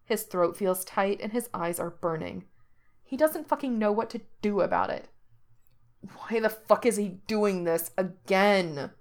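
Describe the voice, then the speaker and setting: A woman reads a story aloud in a steady, expressive narrating voice. Her pitch sits in a plain middle range, neither high nor low. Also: a little slow. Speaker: reader. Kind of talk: reading fan fiction aloud.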